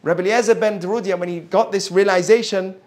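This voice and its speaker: High-voiced man telling a Talmud story. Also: quick pace. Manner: animated storyteller, rhetorical questions to listeners; drops into Hebrew terms and explains them. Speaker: religious teacher. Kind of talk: Torah lesson storytelling.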